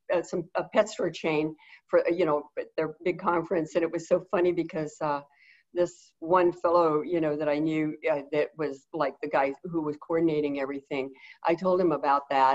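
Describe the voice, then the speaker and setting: A woman in a casual webinar talk, telling stories and cooing soft praise as she quotes herself talking to animals. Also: medium pitch, lo-fi sound. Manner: chatty storytelling, coos softly when quoting praise to animals. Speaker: animal behavior consultant.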